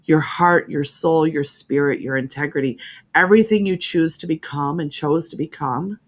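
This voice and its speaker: A woman's voice: low voice, normal speed. A woman hosting an internet radio talk show, speaking in a heartfelt, emphatic way and often repeating herself.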